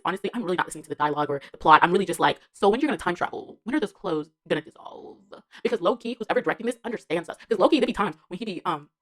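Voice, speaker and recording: In a casual spoken TV show review, a woman vlogger with a lowish, slightly bright voice rambles and gushes. Her talk is full of slang and fillers, with laughter between her remarks.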